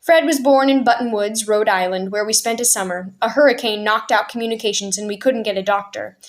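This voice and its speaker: A woman reading a family memoir aloud as a storyteller, in a steady, clear telling. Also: mid-range voice, brisk. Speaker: storyteller aunt.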